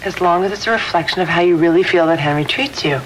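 An actress playing a patient, measured woman therapist in a sitcom. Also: on the low side, a little hiss or hum, natural voice, poor audio. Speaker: sitcom character. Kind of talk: sitcom acting.

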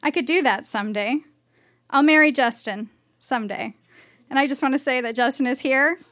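A woman's voice: high voice, normal speed, a bit bright. A woman on stage reading her dreamy teenage diary entries aloud, with wry timing.

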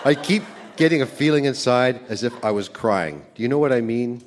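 A man's voice: mid-range voice, animated, brisk, noisy background. A young man talking as if recording letters to his wife, joking and laughing often. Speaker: letter writer. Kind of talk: reading old tape letters aloud.

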